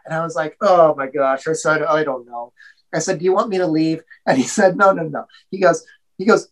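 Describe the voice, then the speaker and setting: A man's voice: a little high, a little fast, poor audio. A middle-aged man, an interview guest, telling a story in a casual way and acting out the voices of the people in it. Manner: animated, acts out quoted voices.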